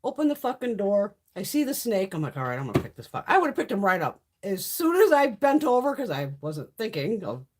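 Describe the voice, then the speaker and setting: Husky-voiced woman swearing through live chat. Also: medium pitch, big pitch swings, brisk, hardly any pauses, a little mellow. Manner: profane, blunt storytelling, reads chat comments. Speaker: livestream host. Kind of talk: casual live-stream chat.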